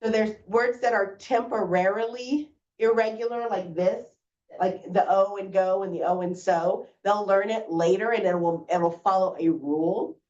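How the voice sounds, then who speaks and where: A woman teacher explaining reading lessons to parents in a clear, patient way. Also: medium pitch, fairly even intonation, normal speed, a little mellow. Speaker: first grade teacher. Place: school room presenting to parents. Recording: roomy, distant, dull sound.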